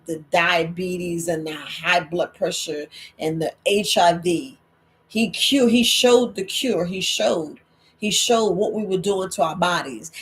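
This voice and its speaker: Woman herbalist host, emphatic and preachy, hammers points home, mid pitch. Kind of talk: late-night Q&A livestream talk.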